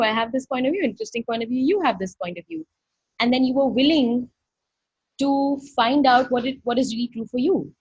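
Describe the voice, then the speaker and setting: A woman's voice: on the high side, slightly rough, dry recording. A woman facilitator giving an effusive, earnest online workshop talk over a video call, often acting out little dialogues. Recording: dull dry video-call audio.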